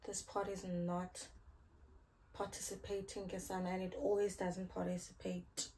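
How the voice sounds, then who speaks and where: A young South African woman chatting casually through a hair tutorial, playful and given to loud outbursts. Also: on the low side, monotone, normal speed, a little hiss or hum. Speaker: hair vlogger.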